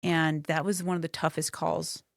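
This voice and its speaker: A woman with a fairly low voice hosts an interview podcast. She talks effusively and emotionally, often restarting her sentences. Her voice sounds dry and close to the mic. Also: flat delivery, moderate pace, vocal fry, dry recording. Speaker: podcast host. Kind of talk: casual interview chat.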